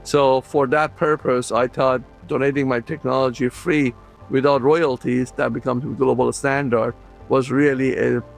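Gravelly man from the Middle East recounting. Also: mid-range voice, level tone, soft background music. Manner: earnest, halting, with fillers. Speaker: inventor interviewee. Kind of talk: recounted interview.

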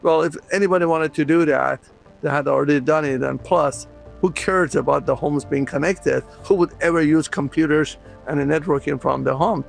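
Man, from the Middle East, middle-aged, gravelly, earnest and halting, faint music behind. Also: on the high side, steady tone. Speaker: inventor interviewee. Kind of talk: recounted interview.

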